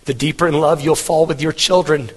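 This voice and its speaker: A man's voice: fairly high pitch, fairly even intonation, brisk, slightly rough. A middle-aged man preaching a sermon as pastor, earnest and emphatic, repeating his words for weight. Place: church hall. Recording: long hall reverb.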